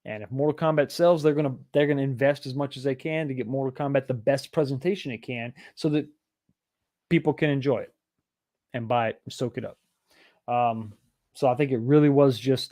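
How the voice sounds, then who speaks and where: A man's voice: mid-range voice, fairly even intonation, fairly quick, darkish tone. A man hosting a casual livestream, rambling and restarting his sentences as he talks. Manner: rambling, repeats words and restarts often. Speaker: livestream host.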